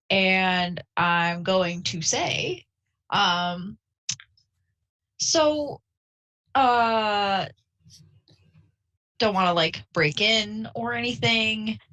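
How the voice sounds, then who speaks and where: A woman's voice: medium pitch, pushed and bright. A woman playing a tabletop game, speaking hesitantly and playfully in character. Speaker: player. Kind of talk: casual tabletop role-play.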